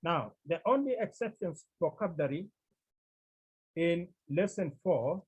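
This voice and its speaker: A man teaching a Greek class, explaining slowly and repeating key phrases for his students. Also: a little high, lively intonation, husky, rough recording. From Cameroon. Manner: slow, repetitive explaining. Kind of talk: classroom lecture.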